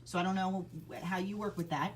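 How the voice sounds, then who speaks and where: A woman in her thirties hosting a radio show in the studio, chatting casually and telling stories with lively energy. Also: mid-range voice, brisk, a little hiss or hum. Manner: animated storytelling, laughs often. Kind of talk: casual on-air chat.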